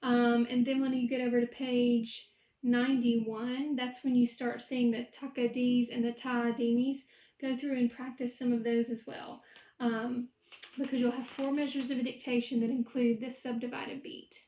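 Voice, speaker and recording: A woman's voice: on the high side, flat delivery, normal speed, mellow. A woman music teacher giving a recorded lecture, explaining rhythm step by step and chanting the syllables. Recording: echoey room.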